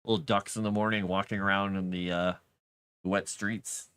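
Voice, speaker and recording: A man's voice: deep voice, flat delivery, moderate pace, fairly bright tone, smooth, dry recording. A man casually chatting on a live stream, talking about his world-building and reading messages from viewers. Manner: chatty, talks to his cat and reads chat.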